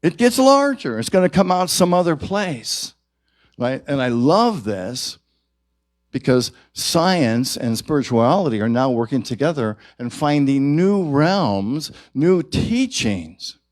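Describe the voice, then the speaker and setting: A male minister giving a sermon at a church service, gentle and reflective, his voice rising to stress key points. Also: medium pitch, expressive, slow, no room sound, studio quality.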